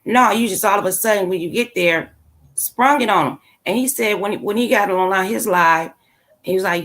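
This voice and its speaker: A woman's voice: on the low side, moderate pace, fairly bright tone. Blunt, sassy woman vlogger. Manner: blunt, opinionated and sassy, talking in slang. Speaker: channel host. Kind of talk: casual commentary to a live chat.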